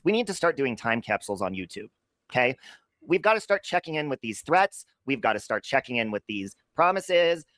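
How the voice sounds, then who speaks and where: A male livestream host who talks in a lively, swooping way, full of gossip and swearing. His voice is dry and close, with no room sound around it. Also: medium pitch, brisk, no room sound. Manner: animated, profane, gossipy. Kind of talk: casual livestream chat.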